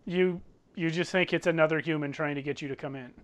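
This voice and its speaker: A man's voice: on the high side, steady tone, a little fast. A man narrating as game master of a tabletop game, describing scenes and characters in a descriptive, lightly amused manner.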